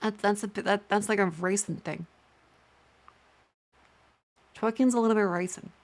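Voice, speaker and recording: A woman's voice: medium pitch, fairly even intonation, fast talker. A young Australian woman chatting casually on a livestream, tired, rambling and swearing with self-mocking banter. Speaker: streamer. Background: faint music.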